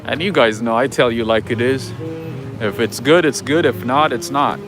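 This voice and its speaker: A man's voice: medium pitch, moderate pace. A man hosting a casual live walking tour outdoors at night, chatting with viewers and answering their comments. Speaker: livestream host. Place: outdoors on an old-town street at night. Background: jazz music playing nearby.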